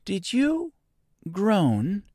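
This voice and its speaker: A man's voice: high-pitched, wildly swooping pitch, extremely slow, mellow, no echo, studio quality, voice pushed up, full character voice. A man voicing a polite, timid young girl in a storybook reading, with a careful, earnest delivery. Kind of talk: storybook character voice.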